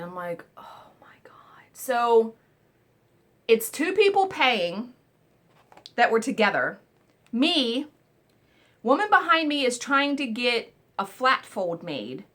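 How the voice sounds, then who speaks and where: A woman hosting a casual storytelling vlog, animated and exclamatory, swearing now and then while she eats. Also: on the high side. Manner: eating while talking. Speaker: vlog host.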